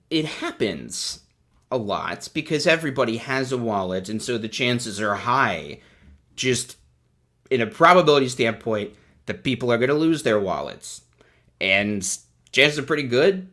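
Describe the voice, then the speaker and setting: A man's voice: medium pitch, pushed and bright. A man hosting a livestream, giving sarcastic, rambling commentary in a casual chat. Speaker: host.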